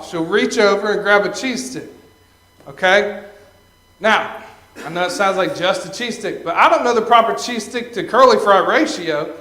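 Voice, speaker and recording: A man's voice: high voice, fairly bright tone. A young man performing a stand-up comedy set, telling stories, tagging lines with "okay?" and laughing at his own jokes. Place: stage at a live venue. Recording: echoey live room.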